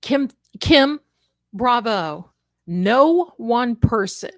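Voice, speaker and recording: A woman hosting a casual livestream, talking in an animated, emphatic way and speaking straight to her viewers from an indoor room. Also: fairly high pitch, very slow, dry recording, clean studio sound. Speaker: livestream host.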